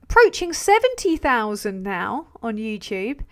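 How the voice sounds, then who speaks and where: A woman's voice: fairly high pitch, big pitch swings, unhurried, fairly bright tone. A woman hosting a live stream, talking bluntly with frequent swearing, rambling between points and reading out viewer messages. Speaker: livestream host.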